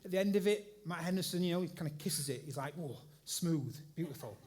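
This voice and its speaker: Guy preaching, high voice, rambly and excitable, tripping over his words. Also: quick pace. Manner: animated, rambling anecdote with repeated restarts. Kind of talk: sermon story. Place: church hall with congregation.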